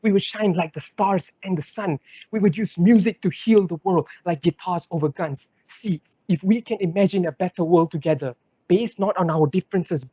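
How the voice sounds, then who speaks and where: Brief: young male debater, husky mellow voice, fervent rhetorical delivery, dull lo-fi dry sound. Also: sits high, dry recording. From Malaysia. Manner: impassioned, rhetorical, builds in lists and repetition. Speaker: student debater. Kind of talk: competitive debate speech.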